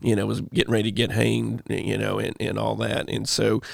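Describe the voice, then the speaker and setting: A man hosts a loose church chat, telling stories with a string of fillers. His voice is deeply gravelly with heavy fry. The sound is dry and close. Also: flat delivery, brisk, no room sound. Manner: rambling, full of "you know" fillers. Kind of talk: casual chat.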